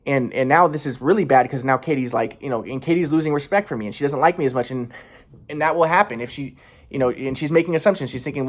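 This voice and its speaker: Mid-pitched male vlogger, rambling and aggrieved, swears a lot. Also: fast talker. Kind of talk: casual personal monologue.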